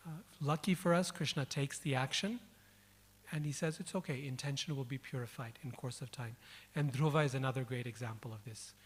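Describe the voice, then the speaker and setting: A man delivers a devotional lecture in a storytelling way, repeating words for emphasis. His voice sits at an ordinary middle pitch. A long reverb from the hall trails behind him. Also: a little fast, slightly rough. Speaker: speaker. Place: event hall.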